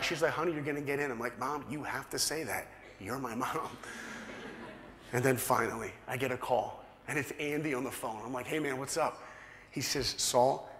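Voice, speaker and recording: Male speaker, lively storytelling, roomy hall sound. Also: creaky. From New York. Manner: animated, acts out dialogue with big pitch swings. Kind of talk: storytelling talk to an audience. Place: large hall.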